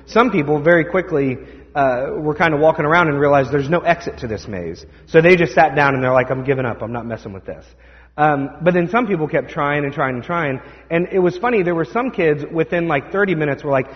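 A man pastor giving a conversational sermon, telling stories and acting out what people said. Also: a little high. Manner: conversational storytelling, animated quoting. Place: church sanctuary. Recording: dull sound with long hall reverb.

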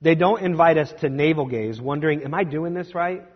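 A young man preaching a sermon as a pastor, conversational and self-deprecating, with quick asides. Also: on the high side, long reverb tail, lo-fi sound.

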